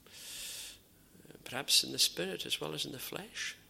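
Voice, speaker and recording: A man preaching a sermon in an earnest, measured way, with frequent pauses and repeated phrases. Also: fairly high pitch, gravelly, bright, forceful tone, a little hiss or hum. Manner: drops to a near whisper in dramatised dialogue.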